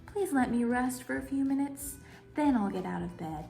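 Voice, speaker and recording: A woman's voice: a little high, lively intonation, moderate pace, vocal fry, warm tone, soft background music. A woman doing a grumpy sleepy groundhog. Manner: sleepy and grumbling. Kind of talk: picture-book read-aloud. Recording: roomy echo.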